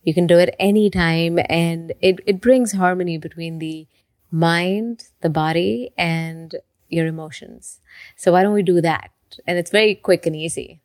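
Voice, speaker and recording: A woman teaching breathwork, guiding a breathing exercise with calm, slow instructions and counted breaths. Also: on the low side, no echo.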